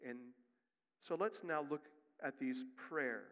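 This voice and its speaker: A man's voice: fairly high pitch, lively intonation. Man preaching with rising, dramatic swings. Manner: swings from quiet, quick asides to loud, rising emphasis. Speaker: pastor. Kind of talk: sermon. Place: church sanctuary. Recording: long reverb of a church hall.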